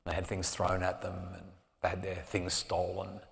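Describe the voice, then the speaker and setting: A man giving a live storytelling talk as a parenting speaker, earnest and dropping to a soft hush at emotional moments. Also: deep voice, completely flat delivery, moderate pace, creaky. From Australia. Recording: long reverb of a hall.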